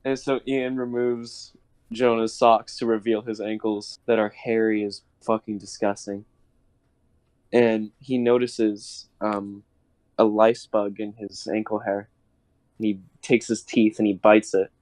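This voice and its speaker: A man's voice: on the low side, little pitch movement, measured pace, a little mellow, no room sound. A man guesting on a show, laid-back and crude while improvising a silly story. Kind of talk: improvised comedy story with a friend.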